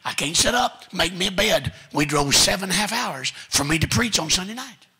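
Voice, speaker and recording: A man preaching a sermon in a church, telling stories with folksy asides and building to shouted commands. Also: sits high, expressive, a little fast, gravelly, husky. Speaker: guest preacher. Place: church sanctuary.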